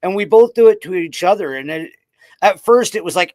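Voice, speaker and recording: A man's voice: high-pitched, moderate pace, darkish tone, no room sound. A man, a podcast guest, telling his personal story in a candid, loose way with frequent "like".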